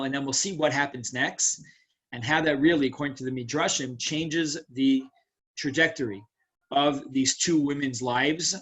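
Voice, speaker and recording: A man teaching a Torah lesson as a rabbi, explaining verses in a casual, storytelling way with frequent asides. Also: medium pitch. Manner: casual, animated storytelling with frequent "right?" and "you know".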